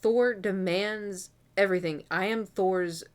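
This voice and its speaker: A woman's voice: mid-range voice, a little slow. A young adult woman streaming from her room at home, chatting candidly and rambling with lots of fillers and the odd swear word. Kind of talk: casual chat.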